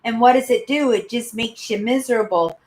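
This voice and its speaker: A woman in her sixties, host of a casual live-stream chat, who rambles and keeps adding "right?" and calls herself a loud talker. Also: fairly high pitch, fairly quick. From Canada. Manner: self-described loud talker. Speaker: channel host. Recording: roomy echo.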